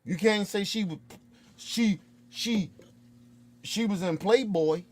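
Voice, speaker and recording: A man's voice: high voice, slow. A man ranting in profane, heated commentary, blunt and repetitive. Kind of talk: profane political rant.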